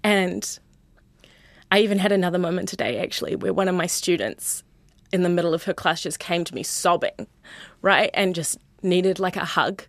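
A young woman, a high school teacher talking candidly in an interview, earnest and chatty, full of "like" and "you know". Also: expressive, moderate pace, no echo. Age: 20s.

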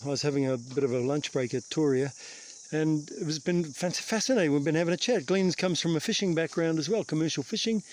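Briskly and with hardly any pauses, a New Zealand hiking vlogger talks to the camera on a bush trail, his voice a little high with a darkish tone. He keeps it casual and self-mocking, swearing mildly, as insects and outdoor noise sound behind him.

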